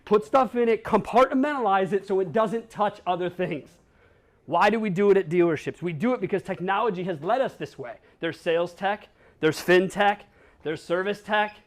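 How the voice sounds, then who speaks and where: A man's voice: sits high, moderate pace. A man from Wisconsin giving a blunt, joking conference talk and swearing now and then. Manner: blunt, swears, jokes with audience. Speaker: conference speaker. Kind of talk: keynote talk. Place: conference hall.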